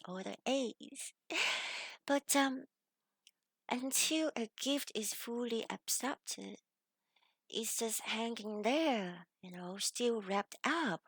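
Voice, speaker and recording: Slow-spoken woman with a Chinese accent. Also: fairly high pitch, a bit bright, slightly rough, no room sound. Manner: earnest, with some hesitant fillers. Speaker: self-development vlogger. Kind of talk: reflective personal storytelling to camera.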